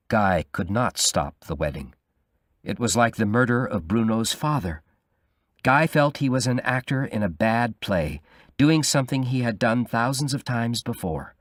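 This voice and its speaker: A man reading a novel aloud in a steady, measured storytelling manner. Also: mid-range voice, no echo, clean studio sound. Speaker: audiobook reader. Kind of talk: scripted narration of a graded reader.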